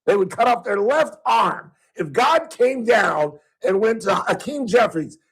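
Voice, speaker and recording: A man's voice: high voice, animated, measured pace, a bit bright, husky, poor audio. A man hosting a call-in talk radio show, ranting at a caller in a heated, sarcastic way.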